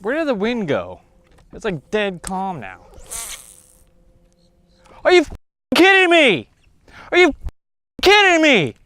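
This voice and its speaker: A man filming his own fishing trip outdoors on a lake, talking to himself and exclaiming loudly as things go wrong and right. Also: high voice, unhurried, pauses often, no room sound. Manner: excitable, exclaims and shouts often. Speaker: fishing vlogger. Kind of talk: self-filmed fishing vlog.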